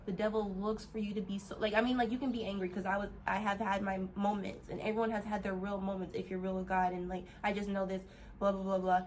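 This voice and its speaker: Animated woman, laughing, swearing rant. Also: mid-range voice, quick pace, a little hiss or hum. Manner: rambling with frequent restarts. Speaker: vlogger. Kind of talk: casual motivational rant.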